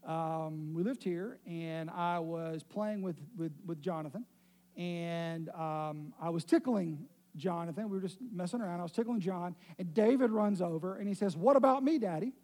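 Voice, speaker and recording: Brief: middle-aged male pastor, high pitch, mellow tone, storytelling sermon with light humor. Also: normal speed. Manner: storytelling, self-deprecating humor.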